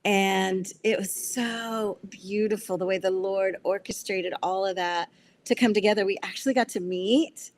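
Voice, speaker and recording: A woman guest on a video call, telling her faith story in an earnest, animated way and acting out the voices of people she quotes. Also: mid-range voice, unhurried. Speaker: guest sharing testimony. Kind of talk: testimony interview.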